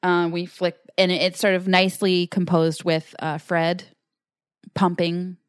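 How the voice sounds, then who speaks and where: Woman chatting thru a tv recap, kinda low voice, dry close sound, lots of ums. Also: flat delivery, measured pace, clean tone, dry recording. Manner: recounts scenes with acted-out quotes, many fillers. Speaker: podcast co-host. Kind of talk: casual recap chat.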